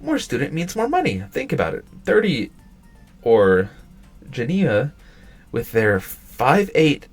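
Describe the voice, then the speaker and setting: A man's voice: mid-range voice, wildly swooping pitch, unhurried, soft background music, voice pushed up, full character voice. A man reading aloud in a raised, drawling voice as a lazy, sly schoolgirl who leads the club. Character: lazy, scheming older schoolgirl, president.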